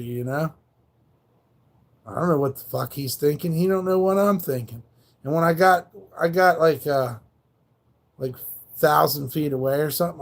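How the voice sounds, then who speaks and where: A man with a gravelly voice that sits a little higher than most men's. He hosts a livestream and spins a loose, rambling story full of slang and swearing. His delivery is casual and unpolished. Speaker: livestream host.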